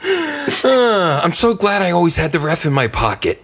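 A man telling a story in casual chat, animated and profane, laughing often and yelping now and then. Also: a little high, fast, vocal fry. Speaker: podcast guest.

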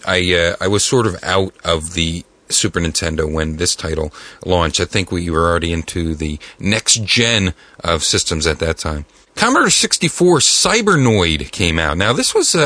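Animated, bright-voiced podcast host man. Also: on the low side, no room sound. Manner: animated, enthusiastic. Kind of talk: casual podcast talk. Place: podcast studio.

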